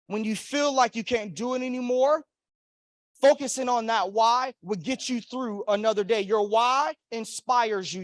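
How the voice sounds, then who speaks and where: High-voiced man giving a rousing speech. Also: no room sound, clean studio sound. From Florida. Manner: preacher-like call and response, emphatic repetition. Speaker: motivational speaker. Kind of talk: keynote speech to a conference audience. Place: hotel ballroom.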